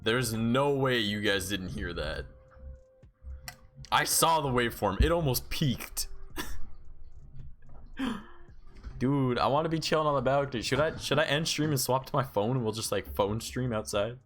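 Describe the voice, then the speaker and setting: A man's voice: mid-range voice, a little slow, pauses often, fairly bright tone. A man streaming live, chatting casually and sarcastically, rambling and swearing freely. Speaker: livestreamer.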